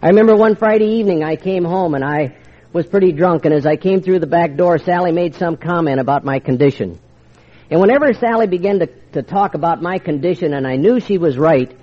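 A man's voice: fairly high pitch, animated, fairly quick. An older man speaking at a recovery meeting, telling his story in a wry, confiding way and acting out past conversations. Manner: wry, confiding storyteller who acts out quoted exchanges. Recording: dull lo-fi recording.

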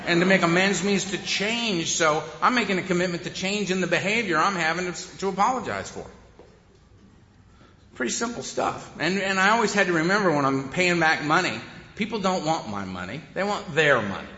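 A man's voice: high-pitched, expressive, fairly quick, bright, forceful tone, a little hiss or hum. Wry man telling stories in an echoey hall. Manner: conversational, wry, often laughing. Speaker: speaker at a recovery meeting. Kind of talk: humorous personal storytelling. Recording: echoey hall, dull sound.

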